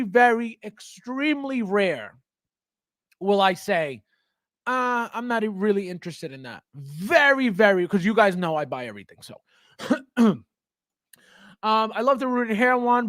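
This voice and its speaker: A man hosting a casual livestream, reading viewer comments and talking straight to his chat, excitable and quick to laugh. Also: extremely high pitch, no echo, studio quality. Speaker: livestream host and toy collector.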